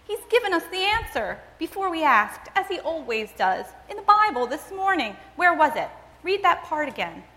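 A woman doing a serene, devout older sister, her voice lifted noticeably higher than the reader's own. She speaks calmly and matter-of-factly, urging gently, and the words ring out with a long hall reverb. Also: a little slow, exaggerated voice. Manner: calm, matter-of-fact, gently insistent.

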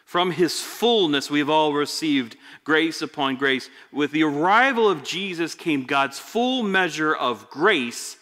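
A man preaching a sermon, expressive, stumbling over repeated words, swinging between loud emphasis and hushed lines. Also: a little high, a little slow, hardly any pauses. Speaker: pastor. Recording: echoey hall reverb.

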